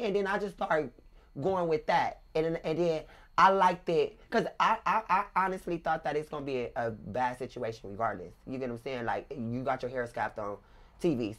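Low-voiced woman, joking guest. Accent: African American Vernacular English, Los Angeles. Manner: joking, laughs often, animated when retelling. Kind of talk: casual interview chat.

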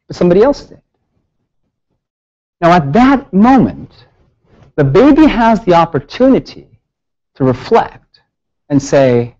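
A man giving a public lecture, telling stories with lively rhetorical questions. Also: high-pitched, normal speed, long pauses, highs cut off. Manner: animated storytelling with rhetorical questions. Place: lecture hall.

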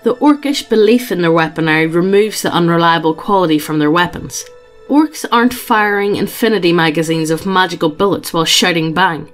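A woman's voice: fairly low pitch, fairly quick, faint music behind. Dry matter-of-fact woman. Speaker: podcast co-host. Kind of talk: reading fan posts aloud.

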